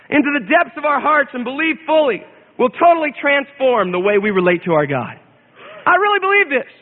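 A man preaching a sermon as pastor in a church, emphatic, slowing down and repeating key phrases. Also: extremely high pitch. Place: church sanctuary. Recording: tinny lo-fi recording with long hall reverb.

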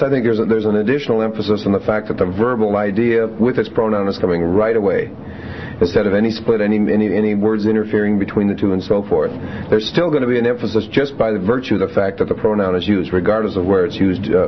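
A man teaching a Greek grammar class, reading Greek examples slowly and then explaining them with fillers. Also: lowish voice, fairly even intonation. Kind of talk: classroom lecture. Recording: dull lo-fi classroom tape, faint hiss.

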